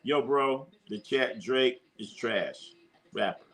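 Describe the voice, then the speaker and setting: A man hosting a casual live sports stream, talking to chat with animated bursts of excitement. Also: takes it slowly. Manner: animated, jumps into high excited shouts.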